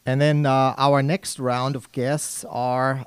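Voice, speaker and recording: A man's voice: mid-range voice, flat delivery, takes it slowly, smooth, no room sound. A man with a German accent hosting a radio talk show in a studio, chatting with guests in a friendly, upbeat way. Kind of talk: casual radio chat.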